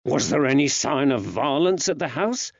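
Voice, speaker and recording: A weary, gruff working-class constable from an old-time storybook, as a man reads him, plain-spoken and blunt. His voice sits at a middle pitch, and the recording is dry and a little dull. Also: lively intonation, moderate pace, no room sound.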